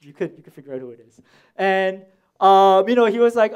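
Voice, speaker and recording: High-voiced young man preaching a sermon. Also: brisk, clean tone, highs cut off. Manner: animated storytelling, slangy asides. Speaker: pastor.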